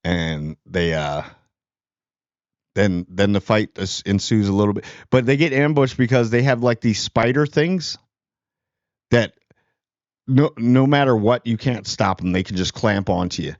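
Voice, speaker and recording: A man's voice: on the low side, unhurried, no room sound, dull audio. A man giving a casual, rambling movie review, sarcastic and full of fillers.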